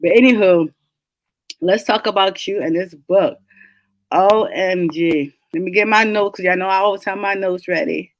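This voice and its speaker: A woman's voice: mid-range voice, moderate pace, no echo. A woman hosting an online book club in a casual, chatty way, laughing often and a little congested from a cold. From New England. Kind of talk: casual chat.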